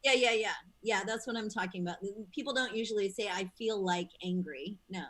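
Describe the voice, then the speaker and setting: A woman's voice: mid-range voice, fairly quick, a bit bright, poor audio. A woman hosting a casual discussion, talking in an earnest, reflective way with many fillers.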